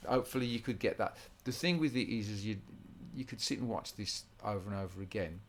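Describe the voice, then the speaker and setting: A man's voice: lowish voice, quick pace. A man teaching a guitar rhythm lesson in an informal way, often restarting his sentences and counting beats aloud.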